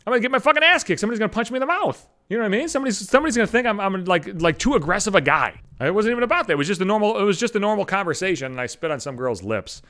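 Brief: male podcast host, swearing and exasperated, lively swings in a higher-than-usual voice. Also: racing, few pauses. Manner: profane, exasperated, self-mocking, animated storytelling. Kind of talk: solo comedic rant.

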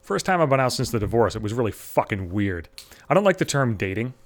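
A stand-up comedian in his thirties from the Buffalo area of the US tells a long, self-deprecating story at a fast clip in a mid-range voice. He swears constantly and animatedly acts out the people in the tale.

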